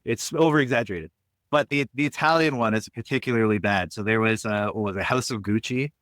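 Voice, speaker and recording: A man's voice: lowish voice, fairly quick, fairly bright tone, no echo. A Canadian man with a Canadian accent, co-hosting a podcast and chatting casually in an opinionated, emphatic way. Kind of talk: casual chat.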